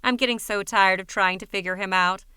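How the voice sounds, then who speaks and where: A woman's voice: mid-range voice, fairly even intonation, fairly quick, sharp tone, smooth, no echo, close to an everyday voice. A woman reading a wry, neurotic young woman. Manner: dry and wry.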